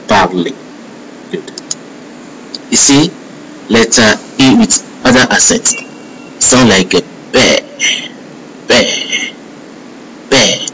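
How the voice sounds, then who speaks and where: A man teaching a French lesson, reading out example words slowly and saying each one twice as he points to his slides. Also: mid-range voice, a bit bright, a little hiss or hum, poor audio. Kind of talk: slow spoken lesson with repeated example words.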